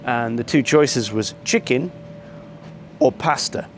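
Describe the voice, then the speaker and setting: A man's voice: medium pitch, takes it slowly, a little hiss or hum. A man, telling a rambling travel story to camera and complaining at length, with frequent ums and restarts. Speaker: travel vlogger.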